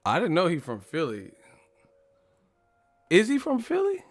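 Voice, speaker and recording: A man's voice: high-pitched, huge pitch swings, measured pace, no room sound, soft background music. A man hosting a livestream, ranting comedically in a loose, profane way and laughing often. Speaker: livestream host.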